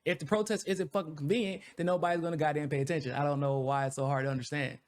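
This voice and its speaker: A man's voice: on the high side, very fast. A man in his thirties co-hosting a casual commentary chat, ranting with profanity and frequent laughter. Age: 30s. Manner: profane, laughing, animated rants. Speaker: co-host.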